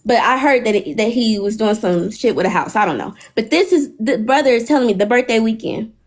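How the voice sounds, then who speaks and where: A woman's voice: fairly high pitch, fairly quick. A woman hosting a live stream, telling a long story in casual chat, cursing and acting out what people said. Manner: animated, profane, retells dialogue.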